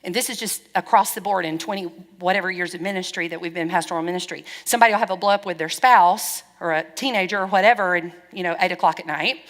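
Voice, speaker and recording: A middle-aged woman pastor preaching a sermon, frank and lively, acting out bits of dialogue as she goes. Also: fairly low pitch, quick pace, hardly any pauses. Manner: lively, frank, wry storytelling with quoted dialogue. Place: church hall. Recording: long church-hall reverb.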